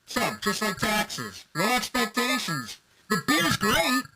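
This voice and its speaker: A man's voice: high-pitched, wildly swooping pitch, slow pace, over loud music, low-quality recording. A man co-hosting a casual beer podcast, joking and running himself down. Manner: jokey, self-deprecating banter. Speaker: podcast co-host.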